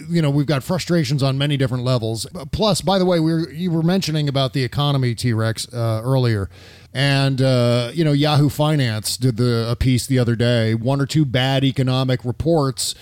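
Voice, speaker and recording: A man's voice: mid-range voice, darkish tone, dry recording, studio quality. A man co-hosting a casual political chat show, blunt and sarcastic, swearing freely and talking with many fillers. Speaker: podcast co-host.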